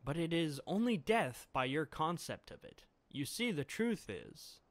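A man voicing an excitable young female scientist while reading comic panels aloud, quick and emotional. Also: fairly high pitch, dry recording. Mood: eager.

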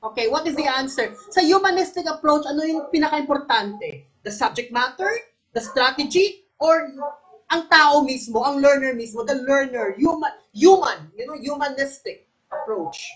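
High-pitched and lively in intonation, this Filipino woman talks at a normal speed while running a live exam review, though the recording quality is low. Questions are repeated, viewers are named and called on, and her speech moves between English and Tagalog.

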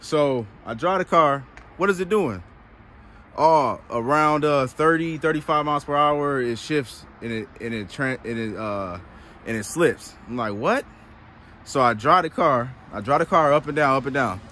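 A man telling a story to camera in a casual vlog, animated and exasperated, full of slang. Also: mid-range voice, normal speed, a little hiss or hum. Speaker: used car dealer vlogger.

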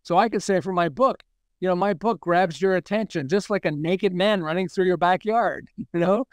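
A man's voice: high voice, normal speed, clear, resonant tone, dry recording. A man, a marketing consultant, telling anecdotes in a casual interview and chuckling often.

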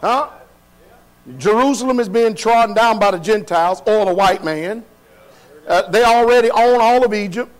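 A man's voice: high-pitched, moderate pace, low-quality recording. A male pastor preaching a sermon in a church, putting questions to his congregation and talking in a loose, colloquial way. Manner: colloquial, laughs at his own remarks, shifts between loud and quiet. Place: church sanctuary.

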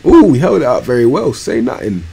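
Young lad, gaming streamer, slangy chat, very lively pitch, mumbles then yells. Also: male voice, fast, gravelly, breathy edge. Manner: slangy, animated, swings from mumbled asides to loud outbursts. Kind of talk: live gameplay commentary.

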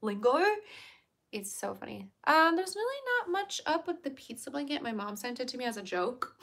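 A woman's voice: high voice, very animated, normal speed, vocal fry, a bit bright. A young adult woman hosting a livestream, chatting casually, giggling and answering her chat. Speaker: livestream host.

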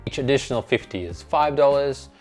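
A man's voice: medium pitch, animated, brisk, darkish tone, faint music behind. A man whose first language is Russian, talking through a walkthrough in a casual, playful, self-mocking way. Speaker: vlogger. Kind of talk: casual screen-recording walkthrough.

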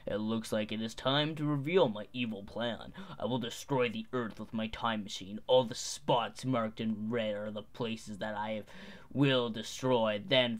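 A teenage boy voicing a gloating male villain with a loud, slow theatrical laugh. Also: fairly low pitch, close to an everyday voice.

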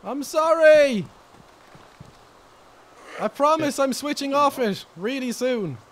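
An Irish man chatting over game voice chat on a headset mic, bossy and swearing, often shouting orders. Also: extremely high pitch, expressive, slow. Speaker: gamer and channel host.

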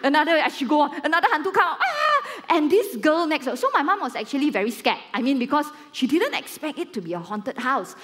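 Malaysian woman pastor, 40s, slightly high and very expressive; storytelling sermon delivery. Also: fast, few pauses. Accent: Malaysian English. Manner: animated storytelling with acted-out quotes.

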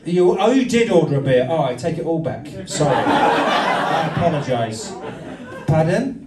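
A man's voice: fairly high pitch, lively intonation, normal speed, heavy background noise. A male comedian doing crowd work, teasing audience members in a playful, mock-formal way. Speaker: stand-up comedian. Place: comedy venue with live audience. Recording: echoey room, distant mic, loud crowd.

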